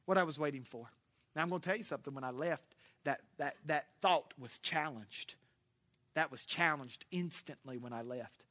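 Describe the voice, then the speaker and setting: A man's voice: a little high, normal speed, sharp tone. A man pastor from Florida with a Southern accent, preaching a sermon through humorous, folksy storytelling.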